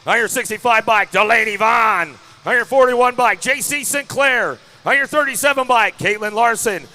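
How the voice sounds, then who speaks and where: A man's voice: extremely high pitch, moderate pace, bright, forceful tone. A man calling a BMX race live, hyped, reading out riders by bike number. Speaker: race announcer. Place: outdoor BMX track.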